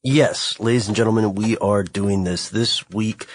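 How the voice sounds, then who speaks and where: A man's voice: on the low side, fairly even intonation, unhurried, slight background noise. A man co-hosting a podcast in casual chat, joking with his co-host.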